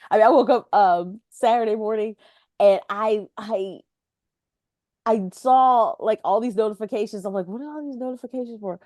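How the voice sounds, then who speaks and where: A woman co-hosting a podcast, telling stories in an animated way and acting out what people said. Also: mid-range voice, dry recording, clean studio sound. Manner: animated storytelling, quotes people in dramatic voices. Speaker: podcast co-host. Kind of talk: casual chat.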